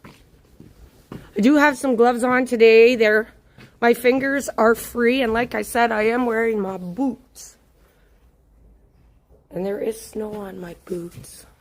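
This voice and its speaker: Her voice fairly high and her intonation fairly even, this woman takes things slowly and pauses often. She's out on a snowy city walk, hosting a live-stream tour on a handheld phone and greeting viewers by name as she chats.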